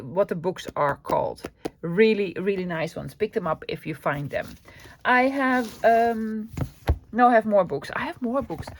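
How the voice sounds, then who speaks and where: Woman, casual haul chat, excitable, chatty, medium pitch. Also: dry recording. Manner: chatty and excitable, with fillers and repeats. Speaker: vlogger showing a thrift haul.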